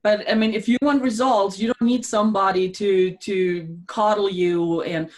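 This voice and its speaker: A woman's voice: mid-range voice, steady tone, moderate pace, few pauses, a little mellow. A woman guest in a casual chat, straightforward and blunt, laughing a lot.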